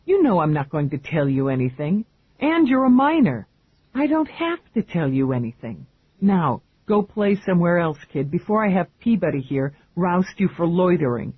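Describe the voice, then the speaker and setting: A man's voice: high-pitched, very animated, moderate pace, husky, full character voice. A man reading a blunt female police lieutenant in an audiobook, curt, dry and commanding. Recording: tinny phone-like band, dry.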